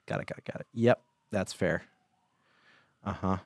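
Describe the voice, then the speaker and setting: Low-voiced guy co-hosting a chatty podcast, goofy riffs, dry close mic. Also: moderate pace, dry recording. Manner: playful, rambling, jokey riffs. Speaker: podcast co-host. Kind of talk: casual banter.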